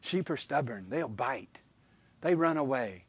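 A man preaching a sermon, emphatic and animated, with repeated phrases and questions to the congregation. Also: medium pitch, unhurried, breathy edge.

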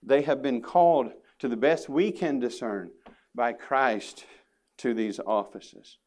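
A man's voice: mid-range voice, slow pace, a little mellow. A man preaching a sermon to his congregation, earnest and emphatic, with casual asides. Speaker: pastor. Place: church sanctuary.

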